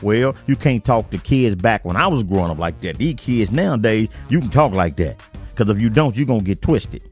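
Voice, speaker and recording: A man's voice: on the low side, expressive, brisk, a little mellow, soft background music. A man with a St. hosting a podcast from his basement, telling stories in a rambling, slangy way full of "man" and "y'all". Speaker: podcast host. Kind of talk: casual storytelling monologue.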